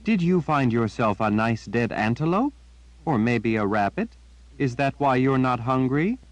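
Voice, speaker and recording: Man doing a curious young girl, storybook reading, lifted higher voice, scolding and puzzled tone, dry recording. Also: expressive, a little slow, no room sound, close to an everyday voice. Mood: teasing scold. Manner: raised, lighter voice, questioning and scolding. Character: curious spirited young girl talking to her raven.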